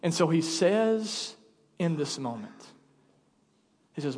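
A man's voice: a little high, very animated, takes it slowly, a little mellow, slightly rough, big-room sound. A male pastor delivering a sermon in an emphatic, conversational way, speaking in a church sanctuary.

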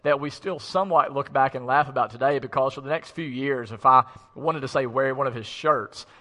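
A man's voice: mid-range voice, a little fast, sharp tone. A man pastor co-preaching an online sermon in an empty church, telling a story in a conversational way with frequent fillers. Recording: long reverb of an empty hall.

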